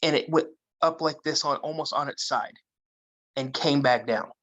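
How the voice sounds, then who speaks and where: A man from Minnesota tells a story in a casual, animated way. His voice is bright and fairly high, and the sound is dry and a little dull. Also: normal speed, no echo. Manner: animated, acts out the voices of others. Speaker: guest.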